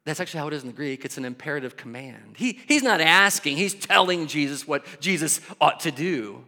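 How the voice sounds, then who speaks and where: A man preaching a sermon in an animated way, shifting from loud bursts to quiet asides. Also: a little high, brisk, hardly any pauses. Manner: animated, acts out voices, swings from loud to soft. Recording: long hall reverb.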